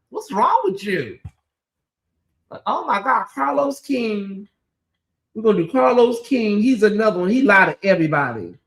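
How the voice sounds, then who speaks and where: A sassy live commentary host who chats straight to viewers like old friends, tossing in "honey" and "girl." The voice sits at a middling pitch, jumping up for loud exclaims and dropping low for quick asides, all in a gossipy, animated delivery. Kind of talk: live reaction commentary, reading chat comments.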